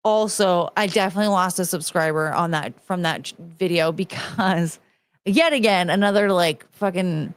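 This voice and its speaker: A woman's voice: fairly low pitch, fairly quick, dry recording. A young woman hosting a casual commentary stream, rambling and swearing, slipping into mocking voices when she quotes people. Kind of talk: casual rambling livestream chat.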